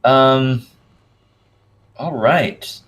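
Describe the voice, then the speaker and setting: A man's voice: medium pitch, drawn-out words, a bit bright. A man hosts a casual live stream, reading out viewer comments and answering them. He sounds easygoing and laughs often. He stumbles a little over unfamiliar names.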